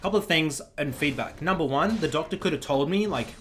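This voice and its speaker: A man's voice: on the high side, fairly quick, faint music behind. A young man, telling a story to his stream in casual, swearing chat. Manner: swears a lot, animated retelling.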